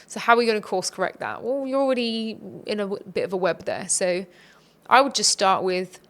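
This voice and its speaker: A woman talks through personal growth in an earnest, reflective coaching tone. Her voice sits at an ordinary middle pitch, and she speaks in a relaxed conversational podcast style. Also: brisk. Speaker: podcast guest.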